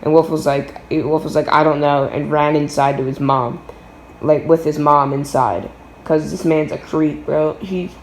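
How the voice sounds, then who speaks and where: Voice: mid-range voice, fairly even intonation, unhurried. Teen storyteller, rambling, filler-heavy, echoey basement room, faint background hiss. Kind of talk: casual storytime vlog. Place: home basement.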